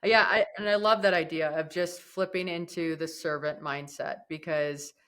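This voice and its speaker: Bright, chatty woman hosting a podcast. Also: deep voice, moderate pace. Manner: chatty and expressive, laughs easily. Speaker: podcast host. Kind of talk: casual interview talk.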